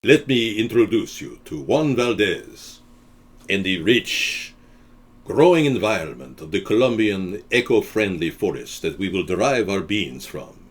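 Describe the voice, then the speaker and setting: A man hosting a live video-chat show in a rambling, joking, teasing way. His voice is low and husky, and his pitch swings widely as he talks. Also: very animated, measured pace. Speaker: host.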